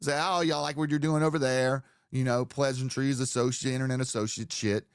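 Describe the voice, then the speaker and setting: A man's voice: mid-range voice, fairly even intonation, fairly quick, clean tone, no echo, studio quality. Profane rambling male streamer. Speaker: streamer host. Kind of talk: live stream commentary.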